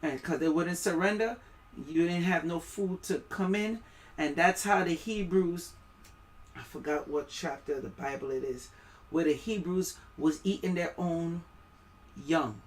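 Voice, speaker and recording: A man's voice: fairly high pitch, measured pace. A man with a West Indian accent giving rambling, preachy live-stream commentary, reading aloud and stumbling over words.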